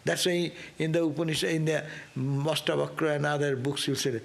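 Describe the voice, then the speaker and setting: A man's voice: on the high side, steady tone, fairly quick, gravelly. A man giving a spiritual class talk as a swami, earnest and questioning, with rising emphasis. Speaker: swami teaching scripture.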